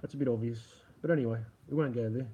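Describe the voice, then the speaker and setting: A man's voice: mid-range voice, steady tone, fast, narrow, tinny audio, slight background noise. A middle-aged man hosting a casual livestream and talking to his chat, rambling and profane, laughing often and sarcastic. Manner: sarcastic about media. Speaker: livestream host reading chat.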